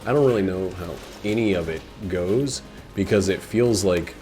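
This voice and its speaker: A man with a very deep voice talks loosely while he plays a video game. He wanders from story to story with plenty of "uh" and "like", and he swears casually. Faint game music runs underneath. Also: moderate pace, a little mellow. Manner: meandering, swears casually, many fillers. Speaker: gameplay commentator. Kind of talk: casual rambling commentary over gameplay.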